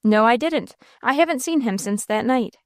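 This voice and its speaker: A woman's voice: fairly high pitch, lively intonation, moderate pace, no room sound, clean studio sound, natural voice. A woman voicing an honest teenage street boy in an audiobook, answering plainly and stubbornly. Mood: earnest.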